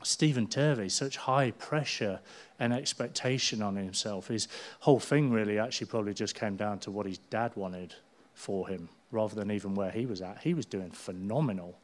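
A man's voice: lowish voice, moderate pace. Brief: middle-aged male pastor, conversational sermon, funny anecdotes. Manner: chatty storytelling with humour.

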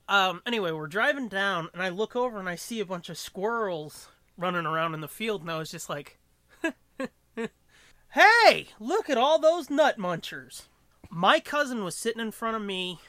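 A man co-hosting a podcast in casual chat, telling stories in an animated, profane way. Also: high-pitched, dry recording. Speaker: podcast co-host.

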